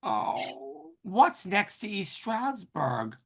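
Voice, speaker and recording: A man in his sixties, a podcast guest in casual conversation, animated and flamboyant with dramatic exclamations. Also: sits high, very slow, vocal fry, slightly rough.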